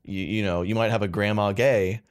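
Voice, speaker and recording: A young man with a somewhat low voice co-hosts a casual comedy podcast. He rambles through his stories, stops and restarts mid-sentence, and keeps poking fun at himself. His delivery is loose and conversational. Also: fairly even intonation, brisk, smooth. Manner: rambling, self-mocking, trailing restarts. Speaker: podcast co-host.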